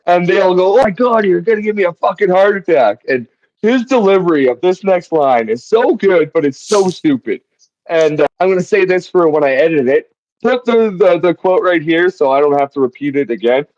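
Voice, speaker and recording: Guy rambling about a movie on a headset mic, kinda high voice, swears a lot, dry sound. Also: moderate pace, dry recording, highs cut off. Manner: rambling, swears often, quotes lines in animated voices. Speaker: podcast host. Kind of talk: casual chat reviewing a film. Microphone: headset mic on headphones.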